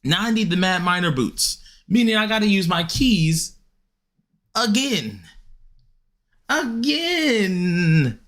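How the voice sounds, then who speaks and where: A young adult man chatting casually and rambling while he streams a game, leaping into high excited yelps. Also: normal speed, hardly any pauses. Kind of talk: casual gaming stream chat.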